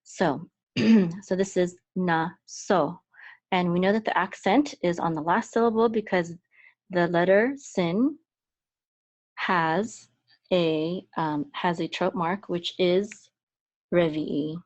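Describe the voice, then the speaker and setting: A woman teaching a language lesson in a patient, explanatory way, pausing often with fillers and restarts. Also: on the low side, a little mellow, dry recording, muffled recording. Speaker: Hebrew and trope teacher, podcast host.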